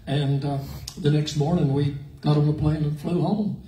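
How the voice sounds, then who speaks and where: Older man, folksy storyteller, somewhat high voice, echoey room, off-mic. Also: moderate pace, far from the mic, a little hiss or hum. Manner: folksy, relaxed, drawling anecdotes. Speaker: country singer on an artist panel. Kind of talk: storytelling to a fan audience.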